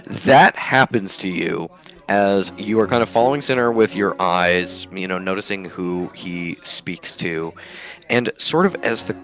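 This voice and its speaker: Acting as game master for a tabletop game, a man narrates in a deep, slightly bright voice at an unhurried pace, rambling with plenty of fillers over soft background music.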